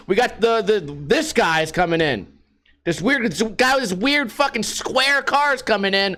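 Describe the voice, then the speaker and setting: Casting: male podcast host, high voice, lively swoops, profane mocking rant. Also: moderate pace. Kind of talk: casual rant. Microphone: podcast microphone.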